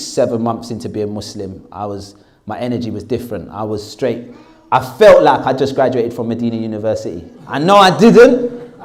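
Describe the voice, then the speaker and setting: A British man recounts his own story with energy, voicing the people in it and repeating lines for emphasis. His voice sits a little high for a man. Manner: lively storyteller who acts out dialogue and repeats phrases. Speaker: speaker sharing his conversion story. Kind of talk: personal storytelling.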